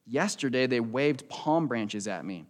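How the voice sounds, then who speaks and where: A man's voice: medium pitch, lively intonation, unhurried, natural voice. A man voicing a proud, naive young male donkey in a storybook passage read aloud during a sermon, with an indignant, hurt manner.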